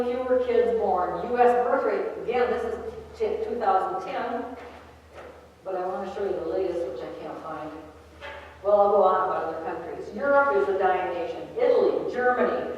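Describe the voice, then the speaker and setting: A woman's voice: mid-range voice, darkish tone, slight background noise. Older woman, retreat speaker, chatty and anecdotal, heard far away in a roomy church hall. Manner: chatty, storytelling, laughing at her own jokes. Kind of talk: retreat talk. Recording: echoey hall, far from mic, dull.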